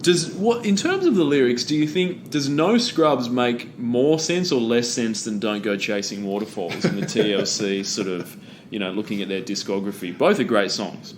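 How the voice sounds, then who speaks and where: A podcast co-host chats in a relaxed, meandering way. His mid-range voice is expressive and moderately paced, and there's a little hiss or hum in the audio.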